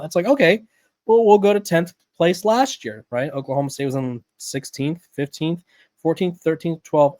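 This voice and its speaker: A man talks through college football rankings in fast, looping bursts, restarting sentences and tossing in "right?" as he goes. His voice sits in a middle register. The recording is close and dry, with no room sound. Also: medium pitch, a little mellow, no echo. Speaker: podcast host. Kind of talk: casual sports analysis.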